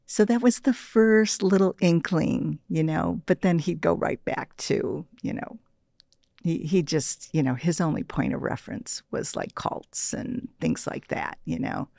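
A woman in her sixties, an interview guest, who tells personal stories in a soft, reflective way and often drops to a near-whisper. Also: low-pitched, takes it slowly, creaky, no echo, studio quality. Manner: soft-spoken, often trails into quiet near-whispers, laughs lightly. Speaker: interview guest, meditation practitioner.

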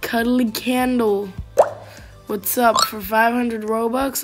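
A woman's voice: a little high, steady tone, slow. A woman giving playful, casual commentary on her gameplay and reading the game's text aloud. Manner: chatty, playful, reads game text aloud. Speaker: gaming YouTuber. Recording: faint game music behind.

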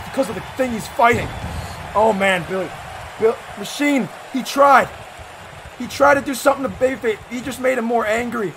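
A man commentating a wrestling video game with a friend, often shouting and swearing. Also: very high voice, moderate pace. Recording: noisy stream audio.

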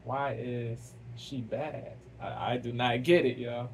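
Very slow-talking man reacting. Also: mid-range voice, fairly even intonation, slight background noise, rough recording. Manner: slow, repetitive, keeps asking why, drops fancy words. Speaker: reaction video host. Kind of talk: casual reaction commentary.

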